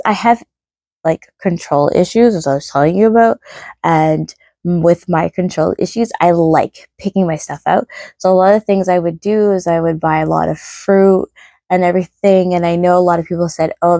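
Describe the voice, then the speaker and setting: Low, gravelly-voiced woman vlogging. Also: a little mellow, dry recording. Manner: rambling, chatty, self-deprecating. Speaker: travel vlogger. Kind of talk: casual vlog chat.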